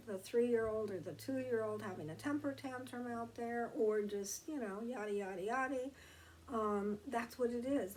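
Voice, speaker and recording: A woman giving a reflective motivational talk, gentle and meandering, with many fillers and restarts. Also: medium pitch, slight background noise, poor audio.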